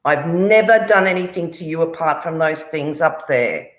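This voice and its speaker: A woman's voice: low-pitched, animated, moderate pace, few pauses, a bit bright, echoey room. A woman, hosting a livestream and angrily confronting someone, swearing often. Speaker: livestream host. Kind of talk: angry livestream rant.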